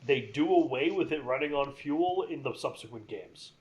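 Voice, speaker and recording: A man in an easygoing podcast chat, rambling eagerly from one bit of trivia to the next. His voice sits at an ordinary middle pitch, and his delivery is loose and conversational. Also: lively intonation, normal speed, darkish tone, lo-fi sound. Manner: chatty, rambling movie trivia, enthusiastic. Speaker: podcast co-host. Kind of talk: casual gaming podcast chat.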